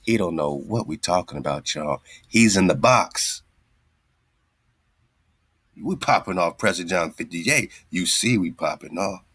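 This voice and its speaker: A man's voice: low voice, expressive, a little slow, fairly bright tone, slightly rough, dry recording, clean studio sound. A man hosting a casual talk show, speaking loosely in street slang and taunting a played clip between laughs. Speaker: podcast host. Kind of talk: casual mocking commentary.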